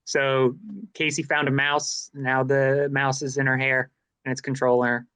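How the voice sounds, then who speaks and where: A man's voice: mid-range voice, completely flat delivery, normal speed, a bit bright, clean tone, no echo. A young man co-hosting a casual chat, telling stories animatedly and acting out voices in his anecdotes. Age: young adult. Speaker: student co-host.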